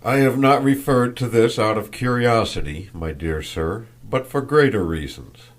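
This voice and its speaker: A man reading an audiobook voices a stern old male Freemason traveler who speaks in a deliberate, loud, grave manner. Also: mid-range voice, voice pushed up, natural voice.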